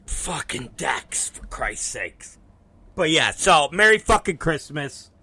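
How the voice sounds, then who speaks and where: This podcast host talks casually on his own show, swearing often and acting out both sides of conversations he's had. His slightly high voice is very animated, bright, forceful, and a little rough. He speaks at a slow pace.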